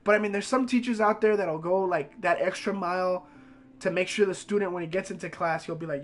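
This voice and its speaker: Young male streamer, high voice, casual and profane. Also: fairly quick. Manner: rambling, profane storytelling. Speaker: game streamer.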